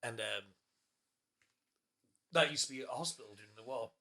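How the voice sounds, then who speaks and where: A man's voice: medium pitch, normal speed, gravelly, bright, forceful tone. A young man, hosting a casual podcast chat, teasing his guest and laughing often. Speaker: podcast host.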